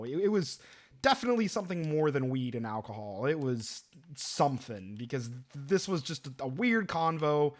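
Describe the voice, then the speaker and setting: A man in his twenties casually telling a story, animated and profane, rambling with lots of fillers. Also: mid-range voice.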